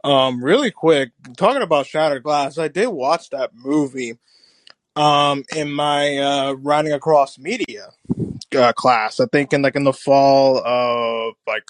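A man's voice: mid-range voice, a little slow, no echo, rough recording. A young man in his twenties, a panelist on a podcast, chatting casually and filling his speech with "like.". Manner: filler-heavy, says "like" a lot. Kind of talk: casual chat.

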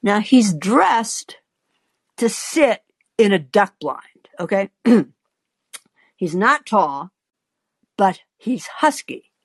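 Hosting her podcast, an older advice columnist spins a lengthy tale for listeners, adding wry asides along the way. Her slow delivery swoops in pitch with lively expression, and the close, dry recording sounds slightly rough.

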